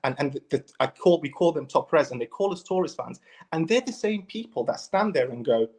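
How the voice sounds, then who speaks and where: A man with a notably high voice argues his point with real passion. He drives hard on his points and circles back to repeat them for emphasis. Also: expressive, fairly quick, a little mellow, breathy edge. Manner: impassioned, emphatic, repeats himself. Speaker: football fan pundit. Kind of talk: heated fan debate.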